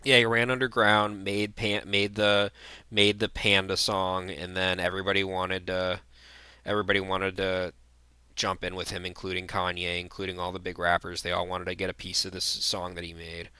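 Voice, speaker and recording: A man's voice: deep voice, monotone, normal speed, sharp tone, smooth, dry recording. A young man giving blunt, rambling tier-list commentary, full of fillers and restarts. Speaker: vlogger.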